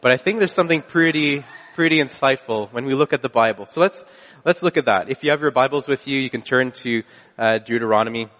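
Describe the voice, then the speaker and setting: A Canadian pastor with a mid-range, fairly bright voice talks fast as he preaches, telling a personal story casually and often restarting or correcting his phrases. Long hall reverb surrounds the recording.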